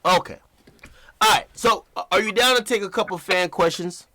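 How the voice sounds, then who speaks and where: A man's voice: high voice, moderate pace, background noise. A man hosting a casual livestream interview, talking in a loose, slangy, swearing way. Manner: animated, slangy, swears freely. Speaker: livestream host.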